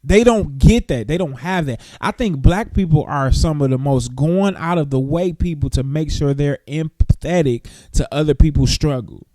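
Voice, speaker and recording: A man hosting a morning talk show, talking casually with animated emphasis. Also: fairly high pitch, moderate pace, hardly any pauses, no room sound.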